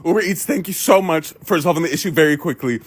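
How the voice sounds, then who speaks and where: A woman's voice: lowish voice, fast, husky. A woman telling a storytime vlog, acting out both sides of a phone call.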